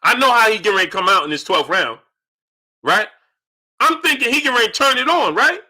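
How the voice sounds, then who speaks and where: A man hosting a live-stream boxing talk show from home, greeting viewers in chat and loudly acting out his own shouting at the screen. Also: sits high, expressive, quick pace. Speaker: boxing channel host.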